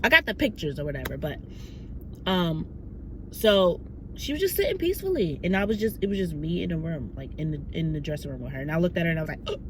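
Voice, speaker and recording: Female vlogger, bright tone, faint background noise, animated storyteller. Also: lowish voice, quick pace. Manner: excited, animated retelling with quoted asides. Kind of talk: casual storytime vlog.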